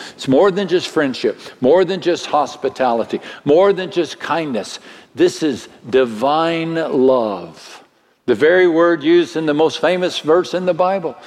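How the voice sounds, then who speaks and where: A man preaching a sermon, slow and dramatic, his voice swelling higher at the most stirring moments. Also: darkish tone. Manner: slow, dramatic delivery with sudden swells in pitch. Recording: long hall reverb.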